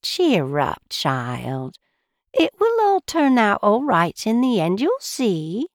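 A woman voicing a kindly, motherly female teapot housekeeper in a storybook reading, slow and soothing. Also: high-pitched, big pitch swings, dry recording, clean studio sound, pitched above the performer's own voice, exaggerated voice. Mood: comforting.

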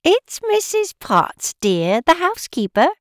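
A woman voicing a kindly, motherly female teapot housekeeper in a storybook reading, slow and soothing. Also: very high-pitched, huge pitch swings, no room sound, clean studio sound, pitched above the performer's own voice, exaggerated voice. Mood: polite.

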